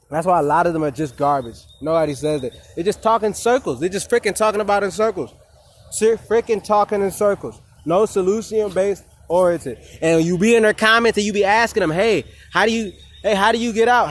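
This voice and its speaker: A young man ranting heatedly and profanely outdoors in a vlog, repeating himself as he vents. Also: on the high side. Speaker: vlogger and coach.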